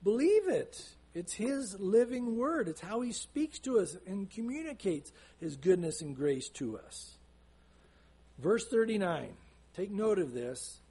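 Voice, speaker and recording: Husky high-voiced man preaching earnestly. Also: big pitch swings, warm tone. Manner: earnest preaching, slows down to stress scripture. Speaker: pastor. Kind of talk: sermon.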